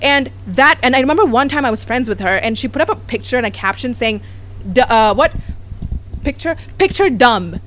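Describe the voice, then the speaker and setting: A woman and vlogger telling gossip stories in a lively casual chat, often quoting others. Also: a little high, fast talker, a little hiss or hum. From United States. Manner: animated storytelling, quoting others.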